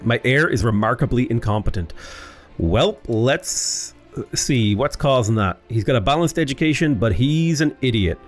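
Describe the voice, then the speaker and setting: A man's voice: medium pitch, animated, moderate pace, faint music behind. Chatty man narrating a strategy game. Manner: chatty, rambling, self-interrupting. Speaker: YouTuber.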